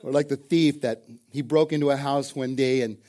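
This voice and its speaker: A man's voice: mid-range voice, steady tone, normal speed, warm tone. Folksy joking pastor, a man. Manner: folksy storytelling with jokes, repeated starts and "man". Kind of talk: sermon. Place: church service before a congregation.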